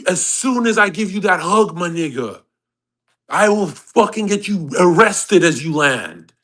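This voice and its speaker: Swaggering man, foul-mouthed rant, mocking tone, slightly high voice, online voice chat. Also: expressive, a little slow, a bit bright. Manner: brash, profane, swaggering, mocking. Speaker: host of an online audio chat. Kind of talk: ranting monologue.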